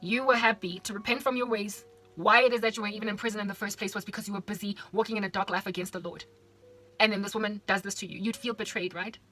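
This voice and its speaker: A woman's voice: medium pitch, fairly even intonation, fast, pushed and bright, faint music behind. A woman from South Africa, a Christian vlogger, preaching casually and animatedly, putting rhetorical questions straight to the listener.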